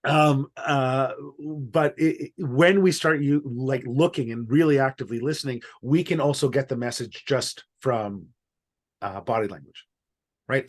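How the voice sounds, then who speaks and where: Workshop facilitator, male, mid-pitched, explanatory, stresses key words, video call sound. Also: unhurried. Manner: explanatory, stresses single words in a repeated sentence. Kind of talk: online workshop teaching.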